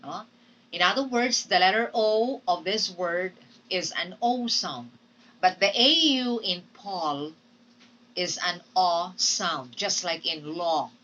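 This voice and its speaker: A woman teacher giving a recorded phonetics lecture, speaking deliberately and often checking in with her students. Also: fairly low pitch, fairly bright tone, recorded from a distance, rough recording. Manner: slow, deliberate, checks in with "okay?". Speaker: English teacher.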